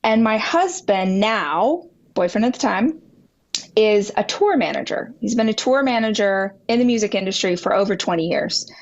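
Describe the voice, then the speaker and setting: A woman guest on a podcast telling a personal story with animated delivery, acting out dialogue with big jumps in pitch. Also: moderate pace, lo-fi sound. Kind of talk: candid storytelling in a podcast interview.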